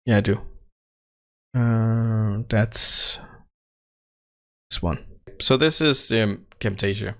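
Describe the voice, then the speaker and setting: This slow, gravelly tech channel host has a lowish voice with a steady, fairly bright tone as he casually explains his setup. Speaking into a close desk microphone in a home room without sound treatment, he halts often and uses many fillers and self-corrections.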